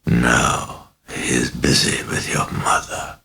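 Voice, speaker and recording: Man doing a demon, horror audiobook, whispered mockery, gravelly, very deep. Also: slow, bright, forceful tone, heavily acted. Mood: taunting. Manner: mocking, hissing whispers. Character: malevolent demon possessing a young girl.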